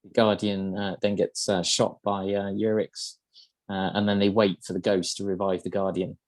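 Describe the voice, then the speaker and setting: A man's voice: deep voice, flat delivery, normal speed, darkish tone, no echo. A man hosting a podcast, explaining game lore in casual chat, hesitant and full of ums and uhs. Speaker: podcast host.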